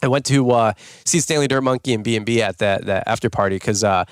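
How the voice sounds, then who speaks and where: A podcast host tells rambling, self-mocking stories quickly, stuffing them with fillers and jumping into higher-pitched voices whenever he quotes someone. His tone is clear and resonant, recorded in a clean studio with no room sound.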